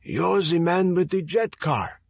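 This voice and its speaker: A man's voice: high-pitched, lively intonation, measured pace, creaky, husky, no room sound, pitched above the performer's own voice, heavily acted. A man putting on an aloof old Eastern European physicist. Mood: curious. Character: elderly male physicist, aloof and curious. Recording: dull, dry audiobook recording.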